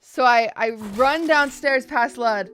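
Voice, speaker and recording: A young woman streamer telling her chat a story in a casual, animated way, often restarting and repeating words. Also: high voice, slow, soft background music.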